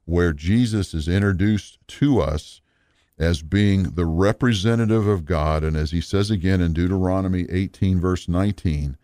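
A man teaching a recorded Bible lesson in an earnest, measured, explanatory way. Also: low voice, dark tone, dry recording, studio quality.

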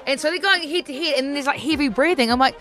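A woman, a podcast host telling an animated story in casual chat and acting out her own quotes. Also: fast, soft background music. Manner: lively, acts out her own quotes in a higher voice.

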